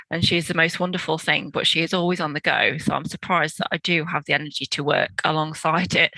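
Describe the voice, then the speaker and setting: A woman from the English Midlands with a Midlands accent, talking easily and eagerly as a podcast guest. Her voice is bright and forceful, recorded dry and close with no room sound. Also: low-pitched, dry recording, low-quality recording. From England. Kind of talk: casual interview conversation.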